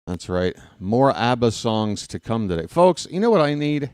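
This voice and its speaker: A man's voice: mid-range voice, big pitch swings, normal speed, a little mellow, clean tone, no room sound, clean studio sound. A man hosting a casual live baseball stream, rambling and joking with his chat. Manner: rambling, self-mocking, jokey asides.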